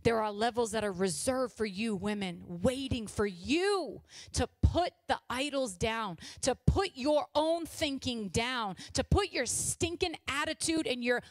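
A high-pitched woman in her forties preaches with fervent, exhorting energy, leaning in with loud urging and then dropping to a hushed, confessional tone. Her voice sits close and dry, with almost no room sound around it. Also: animated, a little slow, hardly any pauses, no room sound. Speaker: pastor's wife preaching. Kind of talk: sermon.

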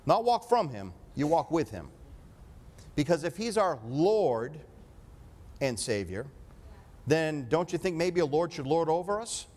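Male preacher, slightly high voice, emphatic sermon delivery with call-and-response. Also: big pitch swings, a little slow, darkish tone. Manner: emphatic preaching, asks congregation for amen.

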